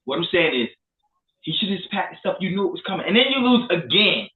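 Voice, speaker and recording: A man co-hosting a casual sports talk show, animated and profane. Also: sits high, fast. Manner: animated, profane, trash-talking. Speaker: co-host. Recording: echoey room, phone-like lo-fi.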